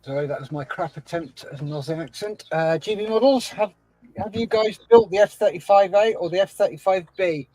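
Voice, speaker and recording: A man with a high, darkish voice co-hosts a casual livestream, speaking briskly with faint music behind him. He cheerfully reads chat comments aloud, laughing, and chats with his guest.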